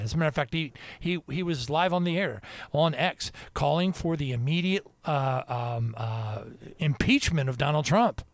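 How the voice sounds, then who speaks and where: A male talk radio host with a fairly high, lively voice that swoops up and down. He chuckles through his points and drifts into preachy asides, and he sounds dry and close to the mic. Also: no echo. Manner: chuckles often, preachy asides, trailing restarts. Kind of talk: casual Christian talk radio commentary.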